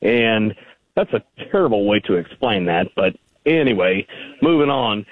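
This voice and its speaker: A man's voice: lowish voice, lively intonation, moderate pace, dry recording. A man calling in to a radio show, pressing his argument persistently in loose, rambling sentences. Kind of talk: phone-in radio conversation. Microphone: telephone. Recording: tinny phone line.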